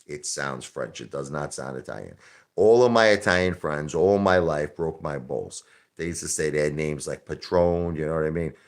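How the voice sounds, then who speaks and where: Brash, very low-voiced male streamer. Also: normal speed. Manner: brash, combative, repetitive. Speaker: live-stream host. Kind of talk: casual live-stream rant.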